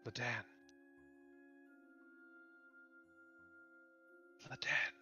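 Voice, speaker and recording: A man voicing a serene, ethereal spirit woman who calls out softly and slowly from far away. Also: highs cut off, soft background music. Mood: hushed. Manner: soft, hushed, calling out slowly.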